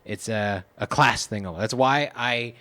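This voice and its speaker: A man from Hawaii, co-hosting a casual podcast chat in a relaxed storytelling way. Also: on the low side, slow pace. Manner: relaxed storyteller, slips into pidgin impressions. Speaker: podcast co-host.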